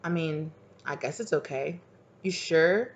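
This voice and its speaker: A woman's voice: deep voice, a little slow. A woman voicing a manipulative, two-faced female friend in a wheedling, sing-song manner. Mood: coaxing.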